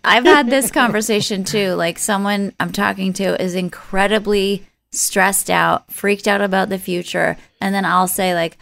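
A woman guest on a podcast, musician, chatting in a relaxed, wry way. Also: mid-range voice, moderate pace, vocal fry, hardly any pauses, no room sound. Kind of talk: casual chat.

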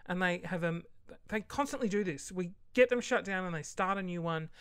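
A woman's voice: on the low side, brisk, smooth, no room sound. A woman hosting a casual solo podcast, rambling chattily and acting out quoted voices with sudden whispered asides. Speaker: podcast host.

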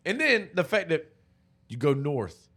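A man's voice: a little high, sing-song, a little slow, fairly bright tone, breathy edge. A man in casual chat, recapping a movie with a friend, profane and joking as he retells it.

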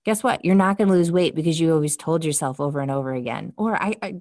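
A woman's voice: sits low, animated, fast, a little mellow, no room sound, clean studio sound. A woman giving a candid motivational talk about self-talk, swearing casually and calling her listeners "guys". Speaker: self-help podcast host. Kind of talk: motivational monologue.

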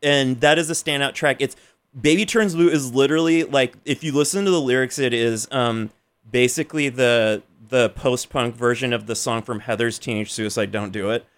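A man's voice: mid-range voice, steady tone, moderate pace, fairly bright tone. Laid-back man rambling about records. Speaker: radio co-host. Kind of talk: casual music chat.

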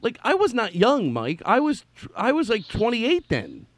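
Animated man telling old bar stories. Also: extremely high pitch, normal speed, no room sound. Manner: animated storyteller, acts out quotes. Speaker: podcast host. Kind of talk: casual chat.

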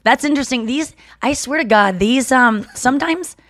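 A woman co-hosting a chatty podcast, her voice sitting a little high and recorded dry and close. She rambles and cuts herself off, piling up quick asides as she tells a story. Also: dry recording. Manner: rambling, self-interrupting, animated. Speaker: podcast co-host. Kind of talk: casual chat.

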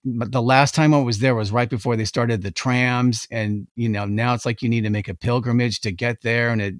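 Animated man telling a story, dry sound. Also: medium pitch, fairly quick, dry recording. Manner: animated storyteller, acts out quotes. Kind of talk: casual chat.

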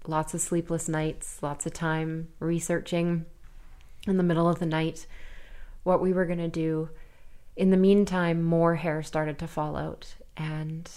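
A woman in her thirties, a podcast guest telling an emotional personal story in an earnest, halting way with nervous laughs. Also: low-pitched, clear, resonant tone.

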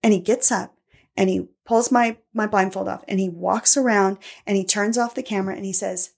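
A woman's voice: mid-range voice, a little fast, creaky. A woman candidly telling a personal story in conversation, acting out what was said to her. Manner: animated retelling, acts out quoted lines.

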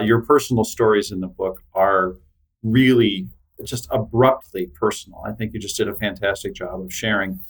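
A man hosting a podcast interview, speaking softly and appreciatively to his guest. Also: on the low side. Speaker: podcast host. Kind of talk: interview wrap-up.

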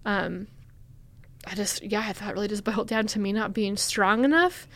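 A young woman talks through a personal story as a guest on an interview podcast. Her delivery is candid and halting, with plenty of "like" and "um" along the way. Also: mid-range voice. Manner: candid, halting, with many fillers.

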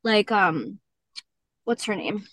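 A woman's voice: medium pitch, expressive, slow pace, fairly bright tone, no room sound, clean studio sound. A woman hosting a podcast, teasing her co-host in playful casual banter. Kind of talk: casual chat.

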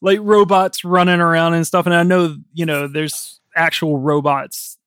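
A man's voice: fairly high pitch, flat delivery, normal speed, fairly bright tone, clean tone, dry recording, studio quality. A man hosting a casual film podcast, chatty and swearing casually, laughing often. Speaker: podcast host.

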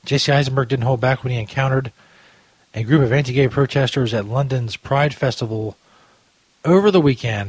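Man, podcast host, husky voice, dry close sound, rambling, crude jokes. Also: mid-range voice, no echo. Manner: rambling, crude, quick to laugh at his own jokes. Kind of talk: casual commentary chat.

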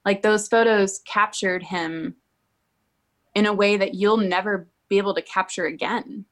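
A woman's voice: mid-range voice, fairly even intonation, measured pace. A woman guest candidly telling a personal story in an interview, talking conversationally. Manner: candid, conversational, many "like" fillers.

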